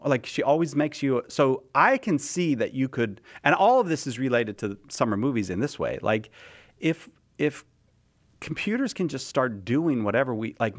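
A man's voice: medium pitch, sing-song, moderate pace. A man hosting a podcast, telling a story in casual chat with many restarts and stumbles. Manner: mimics a cheerful chatbot voice in quotes. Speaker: podcast host.

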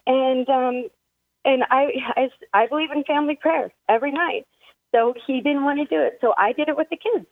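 A woman in her forties calling in to a radio show, speaking in a halting, emotional way and choking up as she talks. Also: sits high, no room sound. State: tearful. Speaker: caller. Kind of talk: call-in radio conversation. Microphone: phone. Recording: thin phone line.

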